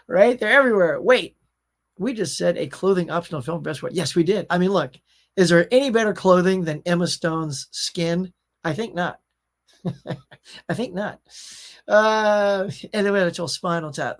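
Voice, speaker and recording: Animated man hosting a casual stream. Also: sits high. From Louisiana. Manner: animated, jokey, reads viewer comments. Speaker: host. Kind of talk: casual live-stream chat.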